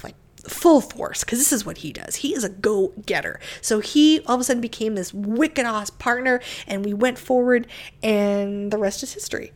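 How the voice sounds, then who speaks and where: Middle-aged female podcast host, candid storyteller, slightly higher voice, expressive with whispered asides. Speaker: podcast host and bookshop owner. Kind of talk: personal storytelling monologue.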